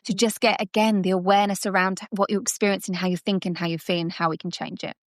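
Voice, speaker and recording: A woman guest on a podcast, a subconscious coach who explains ideas in a lively way and acts out little scenes. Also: mid-range voice, quick pace. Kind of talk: conversational coaching talk.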